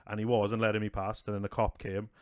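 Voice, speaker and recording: A man's voice: fairly low pitch, little pitch movement, fast talker, darkish tone, no echo, clean studio sound. A man, co-hosting a podcast and telling a rowdy, sweary story with a lot of laughter. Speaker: podcast co-host. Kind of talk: casual storytelling chat.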